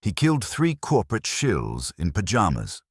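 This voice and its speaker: A man voicing a blunt, sardonic middle-aged male vigilante with a rasping delivery. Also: lowish voice, wildly swooping pitch, normal speed, no echo, clean studio sound, pitched above the performer's own voice, heavily acted. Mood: grim relish.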